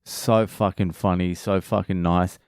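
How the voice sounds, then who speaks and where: A man tells a story in a relaxed vlog, dropping curses and retelling who said what. His voice is low-pitched and smooth. He talks at an unhurried pace. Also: no room sound, studio quality. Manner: swears freely, retells conversations. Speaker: vlogger.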